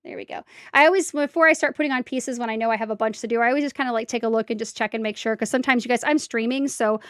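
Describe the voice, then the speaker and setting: A woman's voice: fairly high pitch, very fast, fairly bright tone, clean tone, dry recording, studio quality. A woman streaming herself building a brick set, chatting casually to viewers and talking to herself as she corrects mistakes. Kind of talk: casual step-by-step build commentary.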